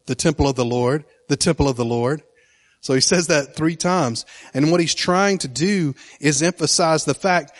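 A man teaching from the Bible in a casual, enthusiastic way, with frequent fillers and restarts. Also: a little high. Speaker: preacher.

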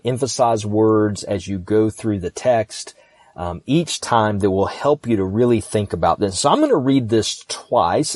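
Calm man teaching scripture, dry sound. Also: on the low side, dry recording. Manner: calm, practical, instructional, with fillers. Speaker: pastor and podcast host. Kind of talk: podcast Bible teaching.

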